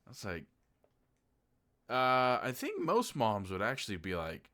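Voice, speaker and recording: A man's voice: on the low side, huge pitch swings, a little slow, sharp tone. A man from Oklahoma giving a casual, sarcastic movie review, swearing freely and acting out his own incredulous reactions. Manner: acts out incredulous reactions in a raised voice.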